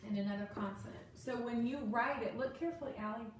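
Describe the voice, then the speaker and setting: A woman tutor leads a one-on-one phonics lesson, prompting each step patiently and clearly. She is recorded from some distance in a very echoey room. A faint background ambience sits under her voice. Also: on the high side, fast, noisy background. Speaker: reading and spelling tutor.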